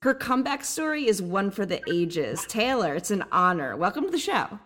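A woman's voice: medium pitch, big pitch swings, normal speed, fairly bright tone. A woman hosting a podcast interview, upbeat, moving from a scripted intro into easy chat. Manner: upbeat, reads scripted intros then chats. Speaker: podcast host.

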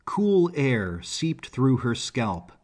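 A man narrating an audiobook story in a measured, even delivery. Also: medium pitch.

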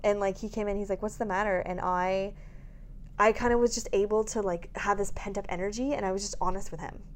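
A woman's voice: medium pitch, a little fast, a little hiss or hum. A woman in her thirties, a mother of babies, telling a candid story in casual chat with lots of laughs and frank swearing. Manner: animated storytelling, laughing, swearing, acting out quotes.

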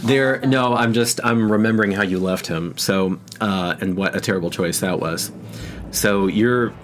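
A man runs a tabletop game, narrating scenes with dramatic, unhurried weight and frequent restarts. His voice sits very low. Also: soft background music. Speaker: game master.

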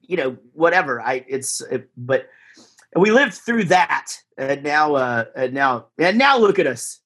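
Man, forties, husky voice, rambling easygoing podcast guest. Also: fairly high pitch, big pitch swings, a little slow, a bit bright. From Texas, USA. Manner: rambling, lots of fillers and restarts, easygoing. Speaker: guest musician. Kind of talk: casual interview chat.

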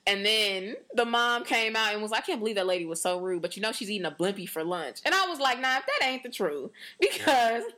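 A woman's voice: medium pitch, fast, few pauses. A young American woman co-hosting a casual podcast chat, telling stories and acting out quotes with lots of fillers. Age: young adult. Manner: animated storytelling, acts out quotes in varied voices; frequent fillers like "like" and "you know". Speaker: podcast co-host.

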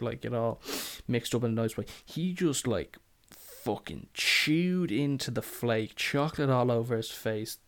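A man hosting a podcast, telling a sweary, exasperated story and acting out both sides of the exchange. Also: medium pitch. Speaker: podcast host. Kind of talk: casual storytelling rant.

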